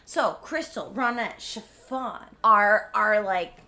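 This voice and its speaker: A tipsy woman recaps a story in a rambling, giggly way and keeps stumbling over her words. Her voice is high and animated, with a sharp, bright edge. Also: moderate pace. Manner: rambling, giggly, self-interrupting. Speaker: vlogger. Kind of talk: casual comedic retelling.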